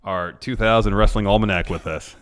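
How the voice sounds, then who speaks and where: A man's voice: lowish voice, steady tone, a little fast, a bit bright, clear, resonant tone. A man co-hosting a wrestling podcast, answering his partner's ideas in a dry, skeptical way. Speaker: podcast co-host. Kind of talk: casual chat.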